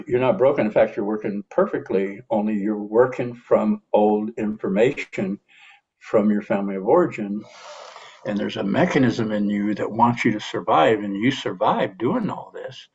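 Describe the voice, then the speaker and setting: Middle-aged man, low gravelly voice, earnest and reflective, muffled lo-fi sound. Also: normal speed, darkish tone. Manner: earnest, self-reflective, with frequent restarts and sighs. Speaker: recovery and personal growth speaker. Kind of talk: reflective monologue.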